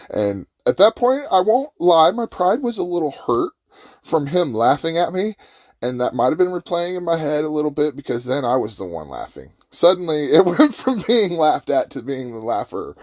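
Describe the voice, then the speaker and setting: A man's voice: on the high side, big pitch swings, normal speed, a little mellow, no echo, clean studio sound. A man telling a personal story in a casual, rambling, folksy way, full of "man" and "I'm like".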